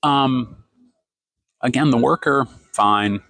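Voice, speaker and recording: A man in his fifties vents in a rambling, sarcastic rant, exasperated and chatty. His voice sits in an ordinary middle pitch. He is recorded dry and close on a phone camera in a café. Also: takes it slowly, a bit bright, no room sound. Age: 50s. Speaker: vlogger. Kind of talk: ranting vlog. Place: café, indoors.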